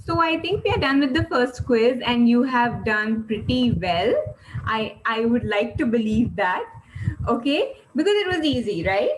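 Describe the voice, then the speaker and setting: A woman teaching an online class for young children, asking quiz questions in an animated, sing-song way and praising often. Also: a little high, measured pace, a little hiss or hum, low-quality recording.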